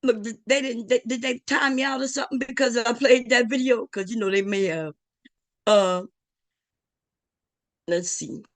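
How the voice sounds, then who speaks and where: A middle-aged woman hosts a casual livestream, loud, teasing and profane as she talks straight to her chat. Her voice sits a little high for a woman. The sound is dry and close, with hardly any room around it. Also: moderate pace, pauses often, no echo. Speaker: livestream host.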